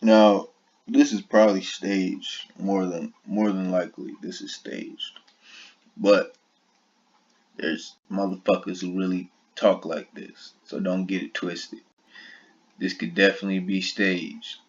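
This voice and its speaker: A very deep, flat-voiced man delivers combative reaction commentary, cursing constantly and without softening anything. He talks slowly and deliberately. The audio sounds dull and lo-fi. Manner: blunt, combative, heavy swearing. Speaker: online commentator.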